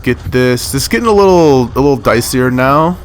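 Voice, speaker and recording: A man's voice: mid-range voice, lively intonation, fairly quick, slight background noise. A man giving casual, rambling commentary over his own gameplay footage, full of fillers and self-corrections. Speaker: gaming commentator.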